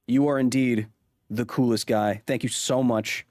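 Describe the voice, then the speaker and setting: A man's voice: mid-range voice, fairly even intonation, a little slow, darkish tone, no room sound, studio quality. Wry man hosting a live stream. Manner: wry, talks straight to chat, frequent restarts. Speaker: live-stream podcast host. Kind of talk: casual livestream chat and read-aloud of testimony.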